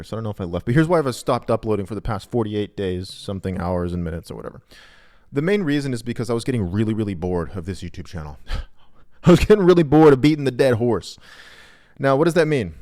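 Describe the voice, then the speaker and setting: A man who runs a trading video channel, talking to camera in a casual, joking, self-mocking way, with big swings between loud and quiet. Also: on the low side. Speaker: trading YouTuber. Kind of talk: casual vlog monologue.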